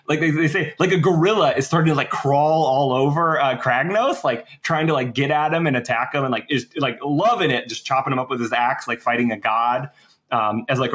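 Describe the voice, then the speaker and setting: A man's voice: mid-range voice, a bit bright. A young man casually recapping a story on a podcast, rambling with lots of fillers and restarts. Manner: rambling, heavy on "like" and "uh", many restarts. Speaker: podcast co-host. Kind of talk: casual lore recap chat.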